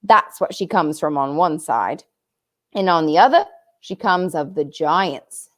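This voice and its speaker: An earnest, kindly talking beaver from a storybook, read aloud by a woman. He speaks in a folksy drawl, his lively voice swooping high and low as he explains and warns. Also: measured pace.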